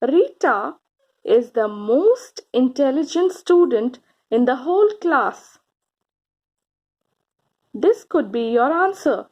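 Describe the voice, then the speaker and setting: A woman teaching grammar to children, speaking slowly and encouragingly, stretching out key words and pausing for answers. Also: high voice, very animated, darkish tone, low-quality recording. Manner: slow, encouraging, drawn-out words with pauses for answers.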